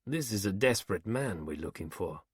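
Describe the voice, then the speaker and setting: A man's voice: low-pitched, animated, moderate pace, slightly rough, no echo, studio quality. A man doing a blunt, heavyset police chief. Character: big, heavy, proud male police chief.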